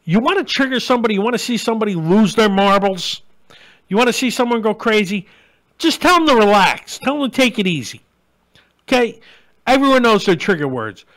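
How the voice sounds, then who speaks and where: A middle-aged man hosts his own live online show, talking straight to his viewers in a blunt, crude, ranting way. His voice sits high for a man. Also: animated, fairly quick, a bit bright. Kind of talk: live-stream rant and chat.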